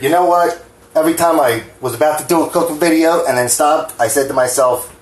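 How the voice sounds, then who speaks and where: A man's voice: fairly high pitch, brisk. Rambling, cussing man from New Jersey. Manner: rambling, frank and profane, self-deprecating. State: hands shaking. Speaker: home cooking vlogger. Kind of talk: casual rambling cooking talk. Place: home kitchen. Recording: echoey kitchen with faint clatter.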